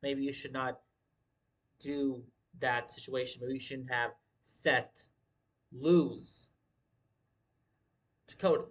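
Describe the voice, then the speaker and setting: A man's voice: mid-range voice, steady tone, takes it slowly, pauses often. Profane, emphatic man hosting a wrestling stream. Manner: profane, emphatic, repeats himself. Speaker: wrestling livestream host. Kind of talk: casual livestream commentary.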